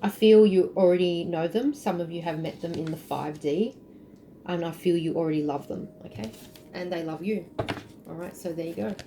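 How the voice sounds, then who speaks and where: A woman's voice: fairly low pitch, normal speed, dark tone, slight background noise, low-quality recording. A woman giving a casual spiritual tarot reading, chatty and intuitive, trailing off with fillers, sounding tired. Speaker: tarot reader.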